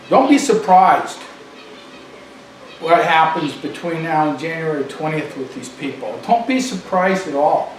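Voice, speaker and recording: A man's voice: a little high, expressive, slow pace, long pauses. A man delivering an emphatic political monologue, repeating phrases for stress, recorded far off in an echoey room with faint noise.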